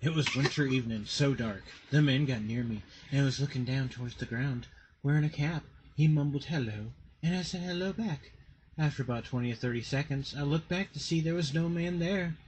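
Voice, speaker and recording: A man's voice: mid-range voice, a little mellow, a little hiss or hum, low-quality recording. A man co-hosting a casual podcast, reading stories aloud and joking crudely between fits of laughter. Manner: laughs often, jokey and crude. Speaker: podcast co-host.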